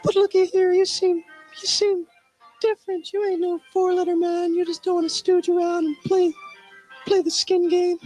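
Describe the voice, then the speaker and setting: A woman doing a shrill flirty dame. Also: level tone, normal speed, darkish tone, soft background music, low-quality recording. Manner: sing-song sweet talk, slangy.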